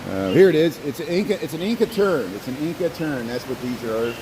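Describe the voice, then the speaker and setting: A man's voice: fairly high pitch, lively intonation, a little fast, noisy background. A man narrating a casual walking tour inside a zoo birdhouse, chatting to the birds and often repeating and trailing off his words. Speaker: vlogger.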